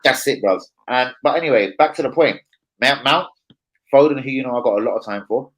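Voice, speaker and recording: Bright-voiced man hosting a football stream. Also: medium pitch, fairly quick, poor audio. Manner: chatty, slangy, addresses co-host repeatedly. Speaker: livestream football show host. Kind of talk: casual live-stream chat.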